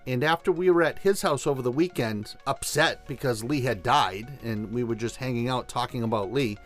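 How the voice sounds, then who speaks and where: A man's voice: medium pitch, moderate pace, faint music behind. A man hosting a show, telling a story and giving tips in an enthusiastic, conversational way. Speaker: host. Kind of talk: casual storytelling and instruction.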